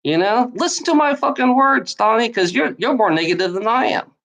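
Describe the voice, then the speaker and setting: A woman's voice: on the high side, animated, brisk, fairly bright tone. A woman in a heated, repetitive monologue, swearing often and speaking straight at someone as she rants. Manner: profane, repetitive, heated, addresses someone directly. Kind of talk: angry ranting monologue.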